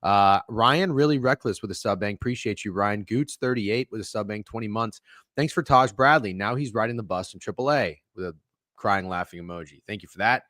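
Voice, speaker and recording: A man's voice: lowish voice, brisk, a bit bright, no room sound, clean studio sound. A man hosting a sports betting podcast, talking in casual, profane, defensive banter. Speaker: podcast host.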